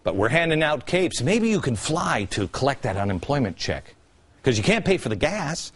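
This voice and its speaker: A man's voice: big pitch swings, normal speed, slightly rough. A man hosting a political commentary show, delivering a sarcastic monologue full of rhetorical questions. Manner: sarcastic, rhetorical questions, dramatic pitch swings. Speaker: TV commentary host.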